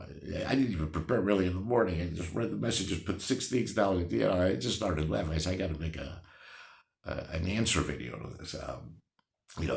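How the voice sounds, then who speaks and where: A man's voice: lowish voice, vocal fry, echoey room. A man vlogging replies to viewer comments in a casual, sarcastic rant, laughing at his own points and restarting often.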